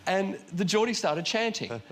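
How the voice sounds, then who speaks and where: A man's voice: high-pitched, normal speed, heavy background noise. An Australian man, a comedian guest on a chat show, telling stories and acting out the voices of the people in them. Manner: animated storytelling with acted-out voices.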